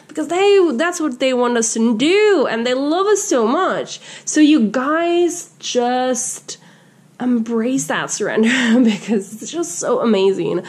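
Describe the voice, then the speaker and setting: A woman with a somewhat high voice gives a relaxed tarot reading to her viewers. She talks in an effusive, heartfelt way, full of "like" and "you know" and with frequent restarts. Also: slow pace. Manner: effusive, many fillers and restarts. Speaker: tarot reader. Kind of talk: casual spiritual tarot reading.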